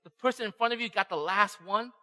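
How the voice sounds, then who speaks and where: High, bright-voiced preacher in a reverberant hall. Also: male voice, fast talker. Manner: conversational, keeps asking "right?"; acts out quoted voices. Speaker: pastor. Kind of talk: sermon.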